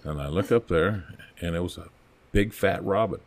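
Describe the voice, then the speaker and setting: A man with a very low, deep voice spins a small-town story in an easygoing, rambling way. He acts out the quoted lines as he tells it, in the relaxed rhythm of a podcast guest recounting his old police calls. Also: normal speed. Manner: folksy, rambling anecdotes with acted-out quotes. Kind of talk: casual storytelling.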